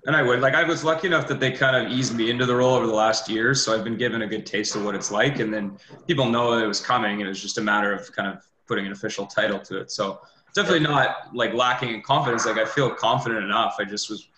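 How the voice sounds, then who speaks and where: A man's voice: mid-range voice, steady tone, fast talker, pushed and bright, echoey room, a little hiss or hum, poor audio. A young man on a group call asking for advice, hesitant and full of fillers. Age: young adult. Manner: hesitant, many fillers and restarts. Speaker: trainer asking a question. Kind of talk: casual question on a group call.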